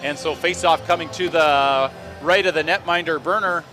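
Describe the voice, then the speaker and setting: A man calling hockey play-by-play in a rapid running stream, with dry joking asides between plays. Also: on the high side, pushed and bright, soft background music. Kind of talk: play-by-play sports commentary.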